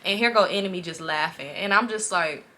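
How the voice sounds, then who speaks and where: A young woman from Los Angeles tells a story to her camera in a loose, animated way. She swears freely and laughs as she talks. Her voice is bright and forward. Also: mid-range voice, a little fast. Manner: animated, profane, laughing often. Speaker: vlogger. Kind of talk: casual storytime.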